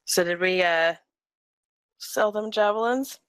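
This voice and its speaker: A woman's voice: mid-range voice, slow, smooth, no room sound. Woman gamer, kinda hesitant, trails off, dry close mic. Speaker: player. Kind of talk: tabletop game play.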